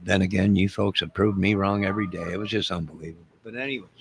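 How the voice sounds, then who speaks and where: A man with a rough, gravelly voice pitched on the low side rants to his viewers in a rambling comic monologue. He drawls his boasts and mock threats, and a faint hiss sits under the voice. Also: fairly even intonation, quick pace. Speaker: online music and movie channel host.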